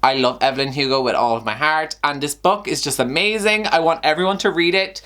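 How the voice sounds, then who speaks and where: A man's voice: on the high side, a little fast, sharp tone. A young man hosting a casual book review vlog, gushing and effusive in a chatty way, often sighing. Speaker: book vlogger.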